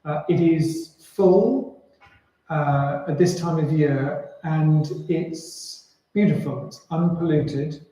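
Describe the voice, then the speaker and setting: A man speaking at a public panel, telling a fable in an unhurried way with many pauses. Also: on the high side, dark tone. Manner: unhurried, with filler "uh"s and restarts. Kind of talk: storytelling talk at a public panel. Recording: very echoey room.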